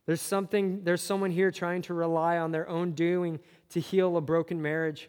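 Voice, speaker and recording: A man with a slightly higher voice preaches an earnest sermon as pastor, stacking repeated phrases that build. His voice carries with the long reverb of a church hall. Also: flat delivery, moderate pace, hardly any pauses, darkish tone, clear, resonant tone. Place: church sanctuary.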